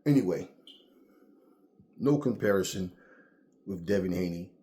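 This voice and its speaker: Low-voiced man ranting with slang. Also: measured pace. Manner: profane, animated storytelling with slang. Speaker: boxing commentator. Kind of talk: casual rant to camera.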